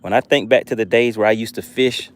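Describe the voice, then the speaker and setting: A man's voice: lowish voice, steady tone, brisk, a little hiss or hum. Chatty man live-streaming from a fishing boat. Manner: chatty, thanks viewers warmly. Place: outdoors on a boat on the water.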